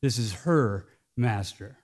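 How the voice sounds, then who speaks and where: An American male pastor delivering a sermon, swinging between hushed, slowed phrases and loud, emphatic lines. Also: mid-range voice.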